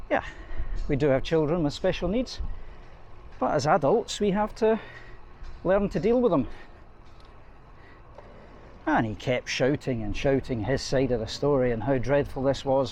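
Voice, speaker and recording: A man's voice: mid-range voice, a little mellow. A middle-aged man, a head teacher chatting wryly to the camera while cycling outdoors, recorded on an action camera. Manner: chatty, wry anecdotal storytelling. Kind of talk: casual storytelling vlog while cycling. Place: outdoors on a bike along an urban road. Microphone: action camera mounted on a bike. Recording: faint street and traffic noise.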